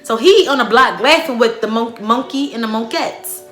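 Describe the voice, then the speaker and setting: A young woman vlogger telling a story in a dramatic, animated, profane storytime style. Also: on the high side, normal speed. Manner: profane, slangy. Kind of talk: casual storytime. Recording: echoey room.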